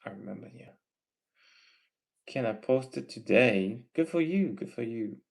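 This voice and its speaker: A man with a Malaysian English accent, reading chat messages aloud on his livestream and answering them in a gently lecturing way. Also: medium pitch, lively intonation, a little slow, creaky. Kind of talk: casual live chat Q&A.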